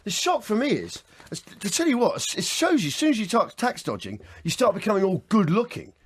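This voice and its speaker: Male radio host, animated pitch, rapid banter, dry studio sound. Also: breathy edge, dry recording. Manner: quick, joking, lots of restarts. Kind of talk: casual sports radio banter.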